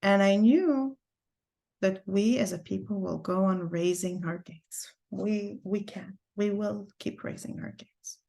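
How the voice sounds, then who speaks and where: A woman teaching an online class over a video call, telling a personal story earnestly and with deep feeling. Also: slow pace, vocal fry, mellow. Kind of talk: heartfelt personal talk to a class.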